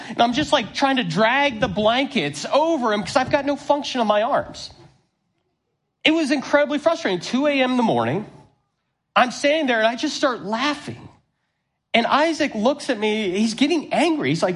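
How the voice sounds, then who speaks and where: Man, pastor, thirties, high voice, sermon, animated storytelling, self-deprecating humor. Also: normal speed, breathy edge.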